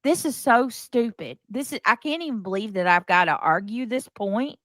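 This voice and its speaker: A woman's voice: medium pitch, expressive, moderate pace, fairly bright tone, dry recording. Exasperated woman host, dry close sound. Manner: exasperated, defensive, repeats herself with restarts. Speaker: live stream host. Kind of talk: casual live stream chat.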